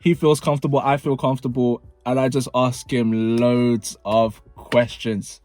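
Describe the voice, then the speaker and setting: A man's voice: medium pitch, level tone, measured pace, hardly any pauses, darkish tone, soft background music. A man telling a storytime vlog, animatedly acting out the dialogue. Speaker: vlogger. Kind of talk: storytime narration.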